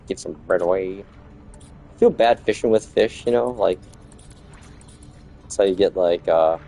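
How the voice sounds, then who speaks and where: Laid-back male streamer, low-pitched, rambling chat to his viewers. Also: slow, creaky, pauses often, faint music behind. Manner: relaxed, rambling, chats with viewers while playing. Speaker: game streamer. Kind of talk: casual gameplay commentary.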